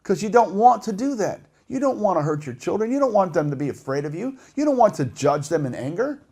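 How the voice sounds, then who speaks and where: A middle-aged man preaching a sermon with passion, dropping to a hush and then rising to shouts. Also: sits high, sing-song, brisk, slightly rough. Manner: impassioned preaching, swinging between hushed and shouted.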